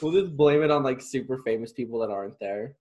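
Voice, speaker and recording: A man's voice: mid-range voice, fast, darkish tone. A young man co-hosting a comedy podcast, joking crudely and laughing often in casual banter. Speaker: podcast co-host.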